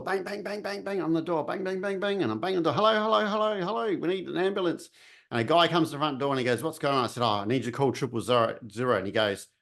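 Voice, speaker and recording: A man telling a personal story casually, acting out what people said and the sounds he heard. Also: medium pitch. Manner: animated, acts out voices and sounds.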